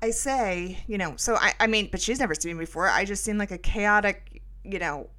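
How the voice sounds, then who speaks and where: A middle-aged woman talks through a loose, self-mocking story as a podcast host. Her voice is bright, and her talk is full of fillers and asides. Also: medium pitch, a little fast. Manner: chatty, rambling, self-mocking, lots of fillers. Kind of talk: casual storytelling monologue.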